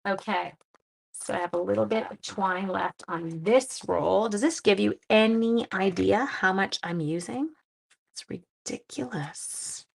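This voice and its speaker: Middle-aged woman, craft livestream host, chatty and self-deprecating, a bit of vocal fry, mid-range pitch. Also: a little slow. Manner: chatty, self-deprecating, greets viewers by name. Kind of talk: casual livestream crafting demo.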